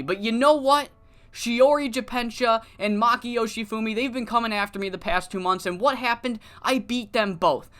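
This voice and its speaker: A casual game commentator narrating a wrestling sim save, excitable and swearing freely while paraphrasing characters' promos. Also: mid-range voice, clear, resonant tone.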